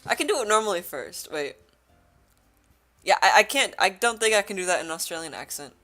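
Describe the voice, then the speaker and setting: A young woman streaming a game and chatting with her viewers in a bright, slightly tense voice. She giggles often and drifts between reading the game text and casual banter. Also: mid-range voice, sing-song, fairly quick, faint music behind.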